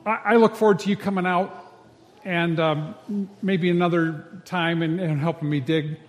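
A man's voice: high voice, steady tone, moderate pace, lightly acted. A man voicing an old father who wishes his son would come help him, speaking in a plaintive, hesitant way. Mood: wistful. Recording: echoey hall reverb.

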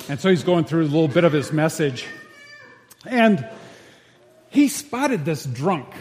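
A man preaching a sermon, telling jokes first, in a folksy, rambling way. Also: a little high. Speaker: pastor. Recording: echoey hall reverb.

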